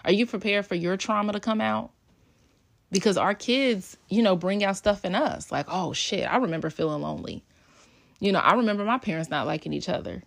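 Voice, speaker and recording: Candid woman podcaster with gravelly fry. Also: brisk. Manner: candid, conversational, swears freely, quotes her kids in higher voice. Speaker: podcast host. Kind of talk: casual solo podcast talk.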